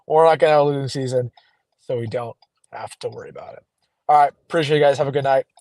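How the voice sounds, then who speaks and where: A young man hosting a casual live postgame reaction stream, chatty and reading viewer comments, a little hoarse from losing his voice. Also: medium pitch, quick pace, a little mellow, no room sound, poor audio. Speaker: sports streamer host. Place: driving home.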